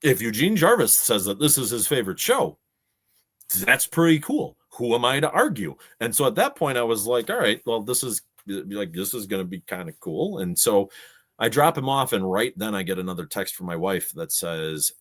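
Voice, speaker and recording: A middle-aged man, a podcast guest, telling stories in a casual way and acting out what people said. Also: low voice. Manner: animated storyteller, acts out quotes. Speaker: podcast guest, gaming show organizer. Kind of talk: casual storytelling.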